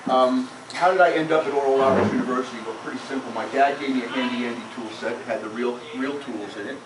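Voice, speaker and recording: A man's voice: medium pitch, quick pace. A middle-aged man from New Jersey giving a self-deprecating roast speech to friends at an event. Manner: joking, self-deprecating storytelling. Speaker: roast speaker. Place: event room with guests. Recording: echoey room from far off, noisy.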